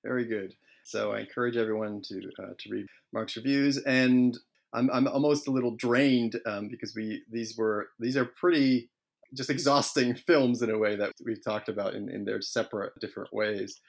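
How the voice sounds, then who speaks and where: A man's voice: mid-range voice, steady tone, moderate pace, gravelly. A man hosting an interview podcast, friendly and filler-heavy, laughing easily. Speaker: podcast host.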